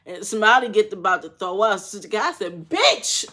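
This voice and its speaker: A young woman with a medium-pitched, pushed and bright voice speaks a little fast while commenting on a reality show episode. Her casual take is slangy and blunt, with free swearing and frank opinions.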